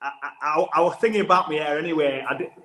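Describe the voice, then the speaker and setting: A man's voice: on the high side, racing, bright, forceful tone. A man, a rugby player guest, telling a story in casual podcast chat with lots of restarts. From England. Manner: rambling anecdotal storytelling with restarts. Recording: echoey room.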